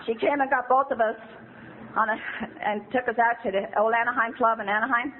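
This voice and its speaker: A woman's voice: a little high, fairly even intonation, a little fast. A woman in her fifties giving a candid, emotional recovery talk at a meeting. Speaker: AA speaker. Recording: tinny phone-like old tape with faint hiss.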